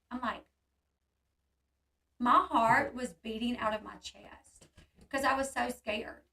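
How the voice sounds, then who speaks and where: A channel host with a high, bright voice shares a story during a casual hangout chat, speaking a little slowly. She gets animated and acts out the voices she quotes. She sounds slightly far from the mic.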